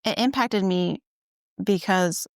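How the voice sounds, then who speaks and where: A church ministry assistant tells her faith story in a casual interview, speaking conversationally and quoting her own past thoughts as she recounts events. Her voice is mid-range and her pace slow. The sound is clean studio quality with no room sound.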